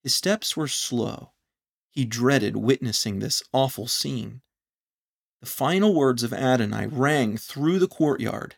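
A man narrating a scripted story in a measured, solemn reading. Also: medium pitch, gravelly, breathy edge.

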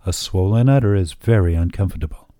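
Guy reading a sharp-tongued woman, dry cutting wit, warm low voice. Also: a little fast, no echo, close to an everyday voice. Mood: wry.

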